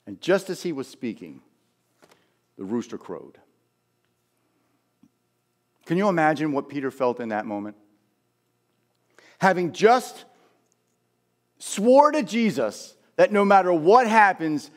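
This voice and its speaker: A male pastor preaching, his fairly high voice rising and falling a great deal. He tells the story with emphatic, storytelling energy. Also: sing-song, a little slow, pauses often. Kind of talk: sermon.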